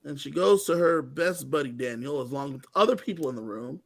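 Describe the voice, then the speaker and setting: High-voiced man recapping with gusto. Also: a little fast, creaky. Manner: animated storytelling, acting out quoted lines. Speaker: co-host. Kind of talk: casual recap chat.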